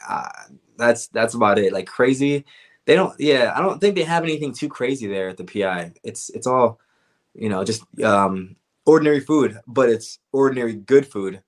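A man's voice: medium pitch, lively intonation, normal speed. Laid-back young man rambling casually. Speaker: guest fighter. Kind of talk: casual interview talk.

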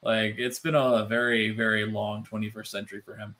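A man co-hosting a casual podcast chat, animated and loose, full of "like" fillers and swearing. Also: on the low side, brisk. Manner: animated, swearing, many "like" fillers, mimics voices. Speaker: podcast co-host.

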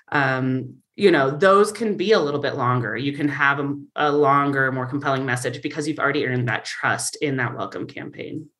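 A woman's voice: low voice, a bit bright. A woman guest in a casual interview, explaining things thoughtfully with frequent fillers. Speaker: marketing guest.

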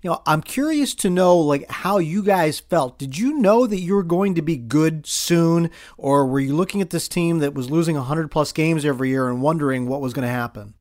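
A man hosting an interview, asking curious, engaged questions and reacting warmly to the stories. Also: a little high, moderate pace, hardly any pauses. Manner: curious, engaged questioner who laughs along. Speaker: interviewer, host. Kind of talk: conversational interview.

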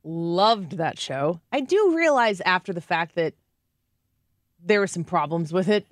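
A woman hosting a talk show, reading news stories aloud and giving animated, opinionated commentary. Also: fairly low pitch, unhurried, no room sound, studio quality. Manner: animated, reads news aloud and acts out quotes. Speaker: radio show host.

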